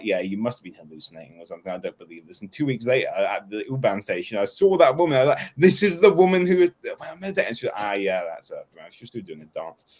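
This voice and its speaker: Quick, low-voiced male host. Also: darkish tone. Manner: rambling anecdotal storyteller. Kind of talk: casual conversation.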